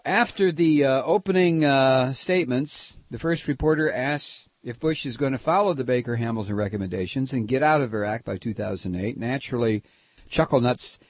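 An American man hosting a talk radio show, delivering a sarcastic, mocking monologue that swings between shouted rants and low muttered asides. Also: husky, no echo, highs cut off. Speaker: political talk radio host.

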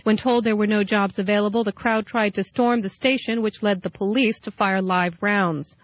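A woman anchoring a radio newscast, reading the news in a steady newsreader delivery. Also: mid-range voice, no room sound. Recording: dry muffled radio audio.

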